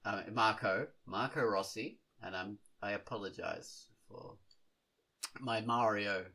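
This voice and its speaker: A man's voice: on the low side, slow pace, pushed and bright. A man hosting a casual podcast, rambling, correcting himself and laughing at his own slips. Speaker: podcast host.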